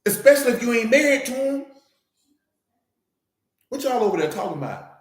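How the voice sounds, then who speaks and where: A man with a very high, sing-song voice preaches informally in church, a little fast, addressing the congregation directly with emphasis and a conversational tone. The sound is roomy.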